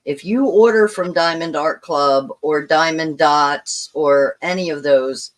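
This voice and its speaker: A woman's voice: deep voice, unhurried. A woman moderating a casual livestream chat, reading viewer comments aloud and explaining things at length.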